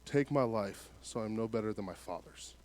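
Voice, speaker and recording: Man preaching a conversational sermon. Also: normal speed. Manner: reads scripture aloud, then preaches in a casual, conversational way; swings between soft, low passages and louder emphatic ones. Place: church.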